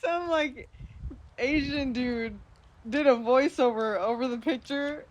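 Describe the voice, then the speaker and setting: Young woman, high voice, giggly, casual podcast guest, faint background noise. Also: slow pace. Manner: giggly, laughs often while talking. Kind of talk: casual chat.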